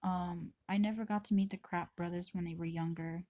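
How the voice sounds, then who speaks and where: A woman talks straight into her camera mic in a rambling confessional vlog. Her delivery stays flat and even, with little rise and fall, and the sound is dry and close. She swears freely and keeps stopping to restart her thoughts. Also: on the low side, brisk, dry recording. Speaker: vlogger.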